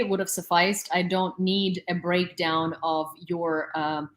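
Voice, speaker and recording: A woman's voice: lowish voice, a little slow, reverberant. A young woman from Lviv chatting casually on stream in a rambling, exasperated way, full of fillers. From Ukraine (Lviv). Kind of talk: casual chat.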